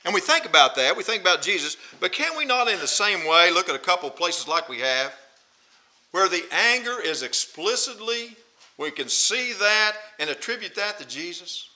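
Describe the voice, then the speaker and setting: A male preacher delivers a sermon in a high, ringing voice. His tone is sharp and intense. He hammers each point, repeats key phrases and fires rhetorical questions at the listeners. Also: very animated, moderate pace, low-quality recording.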